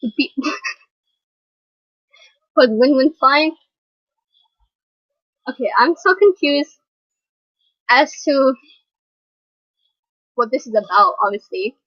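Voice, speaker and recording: A young woman reacting to a music video, gushing with excited exclamations as she watches. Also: high voice, slow pace, long pauses, dry recording, highs cut off. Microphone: computer mic.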